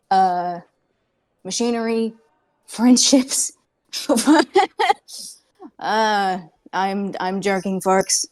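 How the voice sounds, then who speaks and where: A woman's voice: medium pitch, very slow, pauses often. A woman playing a tabletop game on a podcast, chatting casually from home in a rambling, self-mocking way with lots of fillers. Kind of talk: casual chat. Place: at home with cats nearby.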